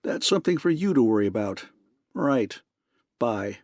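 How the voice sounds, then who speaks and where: Man as Sam Spade, surly gravelly detective. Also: mid-range voice, big pitch swings, normal speed, darkish tone, no echo, clean studio sound. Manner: curt, surly, stubborn. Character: hard-boiled male private detective, surly and grudging.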